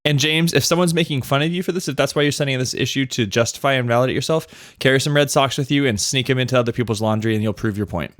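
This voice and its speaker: A man's voice: medium pitch, fast talker, hardly any pauses, fairly bright tone, no echo, clean studio sound. Man steering a comedy podcast. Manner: earnest, steers the conversation. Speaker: podcast co-host. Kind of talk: casual comedic chat.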